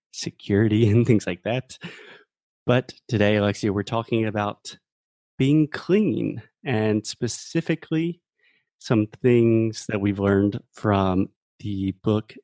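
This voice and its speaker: Low-voiced man explaining English pronunciation. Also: a little mellow, no room sound, studio quality. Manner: explains pronunciation patiently, laughs often. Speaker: co-host teaching English. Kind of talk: casual podcast chat.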